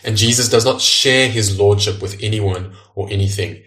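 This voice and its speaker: A man preaching an earnest, measured sermon as pastor, slowing down to stress key phrases. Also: on the low side, a bit bright, distant mic.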